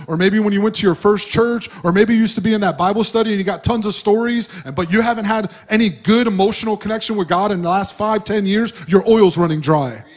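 A high-voiced man preaches a sermon in church. His delivery is conversational and he speaks straight to the congregation, rising into loud emphasis and then dropping into quiet asides. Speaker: pastor.

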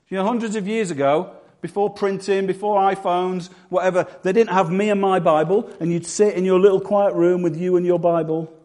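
A man from England preaching a sermon with humor, acting out quick voices and quotes. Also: sits high, darkish tone.

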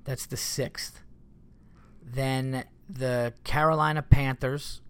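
A man's voice: medium pitch, steady tone, takes it slowly, fairly bright tone, clean tone. A man hosting a solo podcast, rambling casually, cursing often and getting exasperated. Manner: rambling, profane, easily exasperated. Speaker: comedian podcast host.

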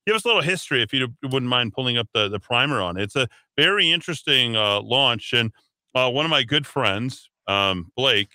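A man hosting a radio talk show in a rambling, casual way, with lots of fillers and sudden jumps up in pitch when he hands over. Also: animated, fairly quick, bright, forceful tone, no room sound.

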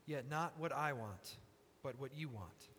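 A man reading scripture aloud in a measured, solemn group reading. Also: medium pitch, fairly bright tone, breathy edge. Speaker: scripture reader. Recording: hall reverb, faint noise.

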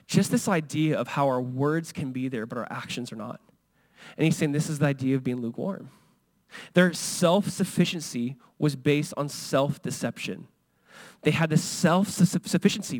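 Male pastor, high voice, dry close sound; casual, lively sermon delivery that acts out quotes. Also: normal speed, no echo. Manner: conversational, animated, acts out quotes.

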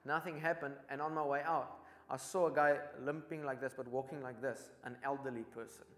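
A man with a South African accent telling personal faith stories in an earnest, animated way. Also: mid-range voice, fairly quick. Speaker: evangelist. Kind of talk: casual storytelling testimony. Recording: echoey room.

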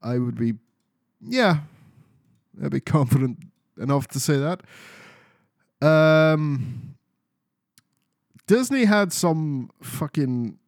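A man's voice: fairly high pitch, lively intonation, slow, creaky, pauses often, darkish tone, no echo, studio quality. A man chatting casually about video games as a podcast co-host, rambling and swearing freely. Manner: sweary, rambling, restarts a lot.

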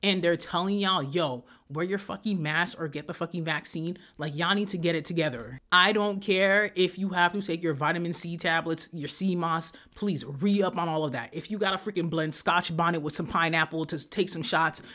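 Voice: mid-range voice, moderate pace, hardly any pauses, bright, forceful tone. A young adult podcast host in a heated, profane solo rant, speaking straight to the listeners. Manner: direct address to listeners.

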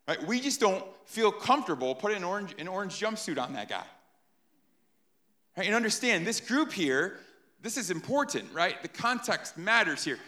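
A man's voice: sits high, big pitch swings, normal speed, pauses often, bright, forceful tone. A man preaching a sermon in a conversational way, often checking in with the listeners by asking "right?". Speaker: pastor.

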